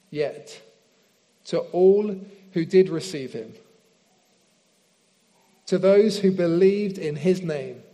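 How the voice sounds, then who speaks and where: Guy preaching in a church, kinda high voice but mellow, long echo off the hall. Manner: earnest, slows down and softens in prayer. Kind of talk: sermon with prayer and scripture reading. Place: church hall with screen behind speaker.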